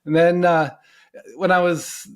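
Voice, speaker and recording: This is a middle-aged man from the United States, a guest on a podcast, recounting his journey in a casual, meandering way. His voice sits a little high for a man. He leans on "you know" and "like" as he goes. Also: a little slow. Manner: relaxed and rambling, many "you know" fillers. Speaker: podcast guest, intuitive coach. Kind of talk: casual storytelling in an interview.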